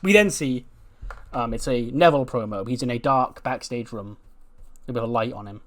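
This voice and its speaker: A man's voice: medium pitch, normal speed, fairly bright tone. A man with a mid-range voice tells a wrestling sim story in a casual, rambling way. His storytelling is loose and full of fillers. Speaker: gaming video host.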